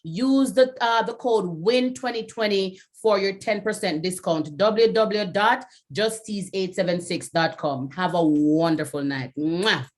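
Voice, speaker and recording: A woman's voice: medium pitch, a little slow, hardly any pauses. A woman with a Jamaican accent hosting a webinar over a video call, chatting casually with many "you know" fillers and slipping into patois. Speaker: webinar host. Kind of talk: casual chat closing a webinar.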